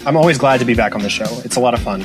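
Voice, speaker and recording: A man's voice: mid-range voice, very fast, over music. A man back as a co-host on a casual movie podcast, friendly and easygoing.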